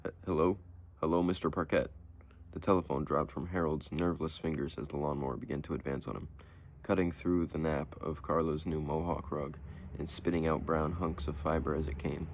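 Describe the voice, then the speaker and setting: Male narrator, low voice, steady audiobook reading of a short story. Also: a little fast, vocal fry.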